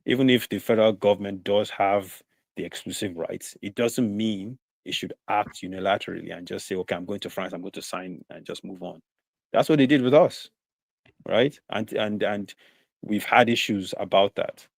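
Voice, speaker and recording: A man on a live talk show panel, making a measured argument and often adding "you know". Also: fairly low pitch, gravelly, no room sound. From southern Nigeria.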